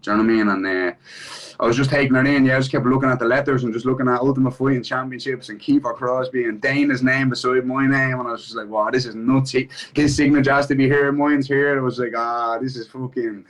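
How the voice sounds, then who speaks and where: A man's voice: mid-range voice, fairly even intonation, quick pace, a bit bright, poor audio. A man with an Irish accent, an MMA fighter being interviewed in casual chat, swearing freely and repeating "do you know what I mean" between thoughts.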